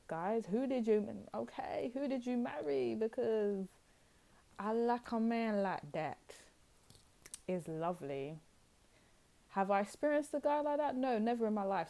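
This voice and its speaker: A woman's voice: fairly low pitch, mellow. A young woman doing a casual tarot reading to camera, chatty and rambling, talking straight to her viewers. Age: young adult. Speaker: tarot reader.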